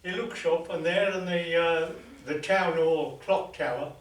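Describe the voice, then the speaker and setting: A man telling long jokes at a folk club night, in an unhurried, halting way with many pauses and fillers. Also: fairly high pitch, steady tone. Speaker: joke teller at a folk club. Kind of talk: telling long shaggy-dog jokes to a live audience. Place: folk club room, live performance. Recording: echoey club room, mic far off, faint ambience.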